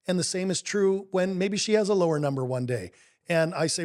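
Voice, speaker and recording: A man's voice: on the high side, fast talker, darkish tone. A middle-aged man co-hosting a relationship coaching podcast, telling stories in an upbeat, emphatic way. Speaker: co-host, life coach. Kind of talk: casual podcast conversation.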